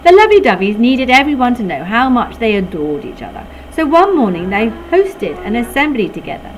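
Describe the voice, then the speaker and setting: A woman teacher with an English accent reading a storybook aloud to a class, expressive and playful with sound effects, in a classroom. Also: fairly high pitch, brisk, slight background noise, low-quality recording.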